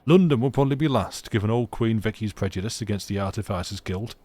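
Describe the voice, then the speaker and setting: A man voicing an irritable, impatient woman artificer with a Yorkshire accent, curt and gruff, reading a story game aloud. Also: lowish voice, fast, natural voice. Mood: irritated. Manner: curt, gruff, loud and exasperated.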